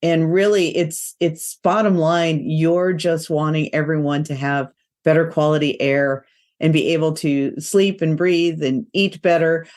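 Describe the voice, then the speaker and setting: A woman's voice: deep voice, steady tone, measured pace, darkish tone. A woman hosting a podcast interview, enthusiastic and chatty, with a slightly nasal voice from allergies. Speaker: podcast host.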